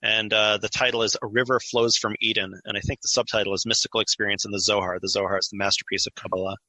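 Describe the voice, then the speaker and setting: A man with a bright, cutting voice speaks a little lower than most and explains ideas in a lively way. He laughs easily during the conversation. The sound is close and dry. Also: quick pace, no room sound, rough recording. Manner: animated, explanatory, laughs often. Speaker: author and guest. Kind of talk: conversational interview.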